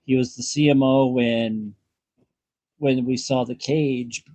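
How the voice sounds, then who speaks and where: A man hosting a casual podcast chat, talking in halting bursts with frequent restarts and the odd curse. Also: medium pitch, steady tone, mellow, no room sound. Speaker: podcast host.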